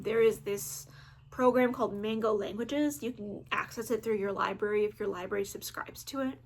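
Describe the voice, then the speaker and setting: Casual woman vlogger, mid-pitched, chatty and filler-heavy, self-deprecating humor. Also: a bit bright. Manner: chatty, frequent "um" and "like" fillers, playful self-mocking asides. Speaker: language-learning vlogger. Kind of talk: casual chat to camera.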